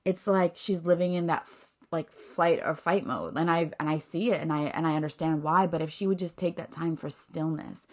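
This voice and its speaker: A woman's voice: low-pitched, normal speed, few pauses. A woman hosting a podcast, reflecting in a casual, faith-based way with many fillers and restarts. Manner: rambling, filler-heavy, earnest. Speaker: podcast host.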